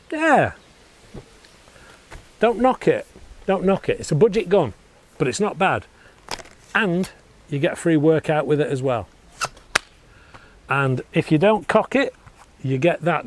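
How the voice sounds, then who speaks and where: A man from the United Kingdom hosting a casual airgun review, chatty and quick to laugh at himself, partly recorded outdoors in a paddock. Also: fairly high pitch, darkish tone. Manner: chatty, laughs often, self-mocking. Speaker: host.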